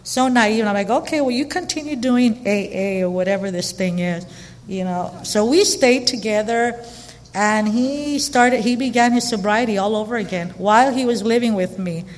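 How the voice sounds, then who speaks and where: Woman, middle-aged, candid storytelling, chatty and animated, long reverb. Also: fairly high pitch, normal speed. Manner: chatty and animated, frequent fillers and quoted dialogue. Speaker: storyteller sharing her recovery story.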